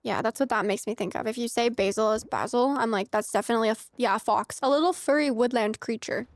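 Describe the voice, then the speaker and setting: A woman's voice: on the high side, quick pace, no room sound. A young woman from the United States chatting casually with her viewers while streaming a game, giggly and full of filler words. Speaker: streamer playing a farming game.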